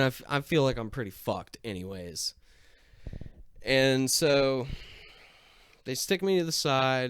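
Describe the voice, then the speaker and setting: A man's voice: mid-range voice, darkish tone, smooth, no echo. A young man casually telling a personal story, swearing freely and mocking himself as he rambles along. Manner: profane, self-mocking, rambling.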